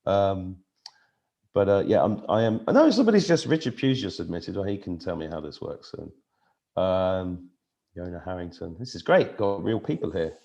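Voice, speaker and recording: A man's voice: sits low, big pitch swings, moderate pace, gravelly, mellow, dull audio. A man hosting a live video call, chatting casually, emotional and laughing often, restarting his sentences. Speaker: host of a live online meeting. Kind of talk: casual live-stream chat. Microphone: computer video call.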